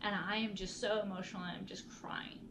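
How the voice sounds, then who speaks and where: A woman's voice: mid-range voice, flat delivery, fairly quick, background noise. Earnest woman vlogger, mid-range voice, unscripted and rambling. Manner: earnest, heartfelt, rambling with frequent restarts. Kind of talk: casual personal storytelling.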